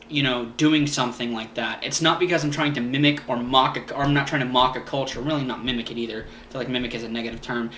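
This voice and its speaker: A man's voice: fairly high pitch, sharp tone, roomy sound, slight background noise. A young man from Florida chatting to camera as a YouTuber, earnest and rambling with fillers, his cheek swollen after a tooth was pulled. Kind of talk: casual talk to camera.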